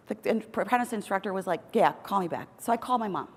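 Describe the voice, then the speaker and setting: A middle-aged American woman giving a keynote speech, telling her story with a lively, humorous manner. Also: mid-range voice, fast talker, few pauses, husky. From United States. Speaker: keynote speaker. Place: large conference hall. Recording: long reverb of a large hall.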